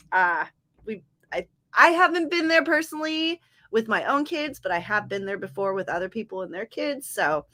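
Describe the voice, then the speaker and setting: A woman's voice: on the high side, bright, forceful tone. A young woman from Southern California hosting a writing-sprint livestream, chatting loosely with viewers, rambling and correcting herself as she goes. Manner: rambling, self-correcting, talks to chat by name. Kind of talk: casual livestream chat to viewers.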